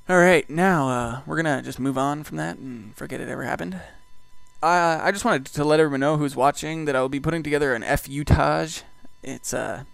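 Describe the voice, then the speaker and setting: A man's voice: medium pitch, vocal fry, fairly bright tone, no room sound. A young man, rambling through a profane anecdote full of "like". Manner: rambling, profane, heavy use of "like". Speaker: vlogger host. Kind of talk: casual storytelling.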